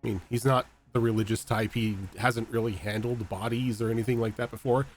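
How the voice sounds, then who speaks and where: A man's voice: mid-range voice, level tone, brisk, faint music behind. A man playing a tabletop game, talking loosely with lots of fillers. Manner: loose, filler-heavy chat. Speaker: player.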